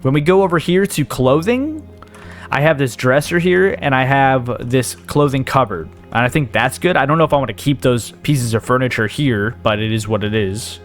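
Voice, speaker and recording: Faint music sits behind a gaming host whose medium-pitched voice is expressive and paced at normal speed. Sorting his inventory, he rambles and thinks aloud through the hiccups in casual let's play commentary.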